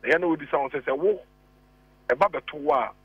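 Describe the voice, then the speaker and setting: A man with a Ghanaian accent calling in as a radio guest, arguing deliberately with rhetorical questions, heard over a phone line. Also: on the high side, breathy edge, no room sound. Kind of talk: radio talk show discussion.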